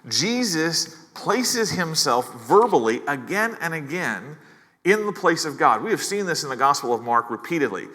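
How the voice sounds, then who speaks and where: A man's voice: a little high, a bit bright, in a large hall. A male pastor preaching a sermon in a conversational way, with casual asides and key phrases repeated. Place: church.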